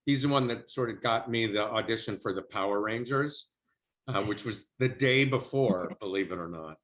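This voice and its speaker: A man's voice: lowish voice, moderate pace, fairly bright tone. A middle-aged man telling a story from his acting career in an interview, chatty and anecdotal. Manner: chatty anecdotal storyteller who slips into character voices for quotes. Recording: muffled lo-fi sound.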